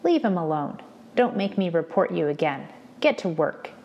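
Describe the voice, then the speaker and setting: A protective older schoolboy who steps in to stop a bully, as a woman reads him aloud. He sounds calm and firm, close to the reader's own low, gravelly voice, in a storybook reading. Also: normal speed, lo-fi sound.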